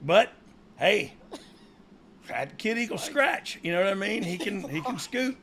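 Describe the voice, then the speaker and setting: A man's voice: high-pitched, animated, measured pace, pushed and bright, a little hiss or hum. A man co-hosting a podcast in casual chat, joking around, making up silly stories and laughing often. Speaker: podcast co-host.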